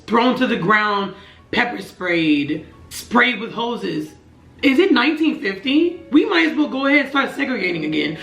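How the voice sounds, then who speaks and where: A young woman in her twenties telling a personal story to camera, earnest and emotional, with halting restarts. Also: a little high, a bit bright, roomy sound. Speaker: vlogger.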